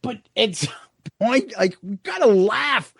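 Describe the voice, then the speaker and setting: A man with a very high voice roughened by gravelly fry, co-hosting a podcast. He talks in loose, profane, laughing chat and throws in voices of angry commenters. The sound is close and dry. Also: very animated, slow, fairly bright tone, dry recording. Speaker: podcast co-host. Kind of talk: casual chat.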